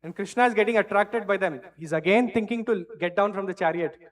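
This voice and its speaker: A man tells a scripture story to a temple class, his voice sitting noticeably high for a man. He talks earnestly, and he keeps checking in with the listeners by adding "right?" and "you know". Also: brisk.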